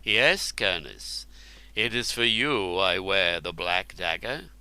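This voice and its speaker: A man voicing a cold, grim assassin who speaks slowly and flatly to his enemy. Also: deep voice, clean tone, no room sound, voice pushed down, full character voice. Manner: cold, flat, measured delivery.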